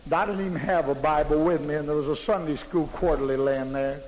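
A man preaching a fervent testimony in a plain, folksy way, building up to loud, shouted praise. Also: on the high side, fairly quick, in a large hall. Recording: dull lo-fi recording with faint hiss.

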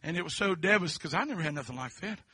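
Preacher man, fairly high voice, folksy testimony w amens, dry close sound. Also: animated, racing, breathy edge, no room sound. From Kentucky. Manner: folksy storytelling punctuated with amens, swinging between quiet and shouting. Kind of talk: sermon testimony.

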